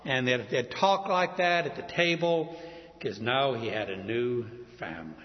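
A man in his fifties or older preaching a sermon, telling a Bible story with an animated delivery and slowing down to stress key words. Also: medium pitch. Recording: dull audio in a reverberant hall.

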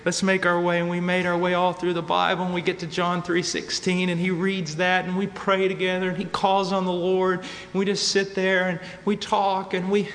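A man preaching a sermon, telling a story and building to fervent, shouted peaks. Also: high-pitched, completely flat delivery, moderate pace, few pauses. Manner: impassioned, rising to shouted peaks. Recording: reverberant hall with faint ambience.

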